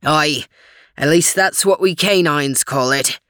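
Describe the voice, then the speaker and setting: A woman's voice: low-pitched, slow pace, a bit bright, dry recording. Brief: woman voicing a Scottish male dog, earnest and worried, storybook reading, dry sound. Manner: homely dialect, earnest pleading. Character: Scottish-talking male dog, anxious and loyal.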